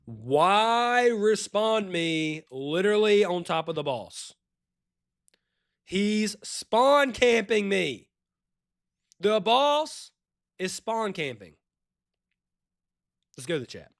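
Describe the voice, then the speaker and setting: A man with a Louisiana accent, chatting and joking as he streams a retro game, now and then yelping with excitement. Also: high voice, slow pace, pauses often, dry recording, studio quality. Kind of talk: casual live-stream commentary. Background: faint game music.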